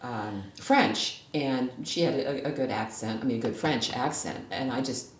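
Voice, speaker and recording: A woman's voice: rumbling low, moderate pace. A woman guest, a former judge, chatting in an interview and telling stories with frequent restarts. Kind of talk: casual conversational interview. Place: library room. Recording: echoey room, distant mic, faint noise.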